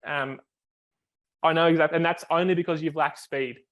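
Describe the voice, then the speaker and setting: A man's voice: on the high side, steady tone, normal speed, a bit bright. A man, a foiling coach, explains technique on a video call, step by step, with many fillers and restarts.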